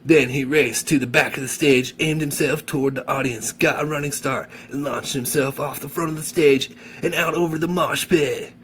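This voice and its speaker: A man reading a children's novel aloud with animated enthusiasm, then chatting about the chapter. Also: on the high side, normal speed. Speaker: audiobook reader.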